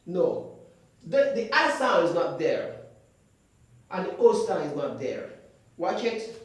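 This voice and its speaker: A man's voice: high voice, big pitch swings. A man teaching English pronunciation in a classroom, drilling words by repeating them with emphatic stresses. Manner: slow, emphatic delivery with sudden loud stresses. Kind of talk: classroom lesson. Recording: echoey room, mic far off.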